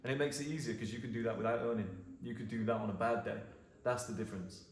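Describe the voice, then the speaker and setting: A man's voice: mid-range voice, fast. A British man telling a story in casual, chatty conversation. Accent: British English. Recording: echoey room with faint noise.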